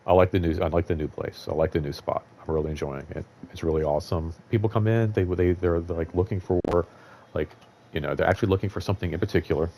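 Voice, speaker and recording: A man's voice: low-pitched, quick pace, mellow, slight background noise, poor audio. A man in his thirties hosting his own show, telling work stories in a rambling, profane monologue full of fillers. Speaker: show host.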